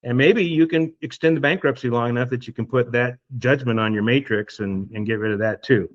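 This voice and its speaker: Man, podcast guest, explains by example, dull lo-fi sound, average pitch. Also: brisk. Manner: explains through hypothetical scenarios, many fillers. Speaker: estate planning guest.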